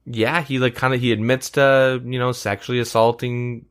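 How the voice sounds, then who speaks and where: A man's voice: mid-range voice, level tone, normal speed, clear, resonant tone. Male podcast host, casual and rambling, filler-heavy, swears freely. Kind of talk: casual chat.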